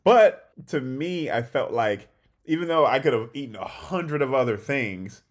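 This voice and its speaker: A man's voice: mid-range voice, unhurried. A man co-hosting a relationship podcast, talking casually and acting out little stories with quoted lines. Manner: animated storytelling, acts out quotes. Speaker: podcast co-host. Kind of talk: casual conversation about relationships.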